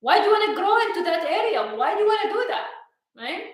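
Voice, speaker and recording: A woman's voice: very high-pitched, very animated, fast. A woman co-hosting a live motivational talk, speaking English with an Arabic accent and hammering her points home with repeated questions. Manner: emphatic, repeats questions for stress. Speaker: co-host, coach. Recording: very echoey room.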